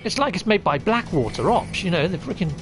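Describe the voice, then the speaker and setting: A man's voice: high-pitched, very animated, fairly quick, over music. A man hosting a live game stream, greeting chat viewers with jovial, theatrical flair and chatty asides. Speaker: gaming livestream host. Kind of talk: live gameplay commentary and chat shout-outs.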